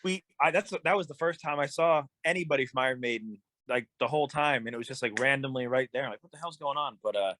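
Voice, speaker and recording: A man, a musician guest on a podcast, telling stories in a relaxed, rambling way with many fillers. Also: mid-range voice, fast talker, hardly any pauses, a little hiss or hum. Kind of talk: casual storytelling in an interview.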